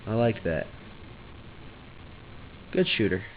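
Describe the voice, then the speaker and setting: A man's voice: lowish voice, very animated, slow, dull audio, slight background noise. A young man vlogging casually, joking offhand, trailing off and restarting his thoughts. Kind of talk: rambling casual vlog.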